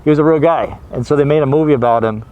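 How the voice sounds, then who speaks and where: A man's voice: on the high side, rapid-fire, narrow, tinny audio. A man hosting a horror movie show, talking casually and rambling, laughing easily and trailing off. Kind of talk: casual chat.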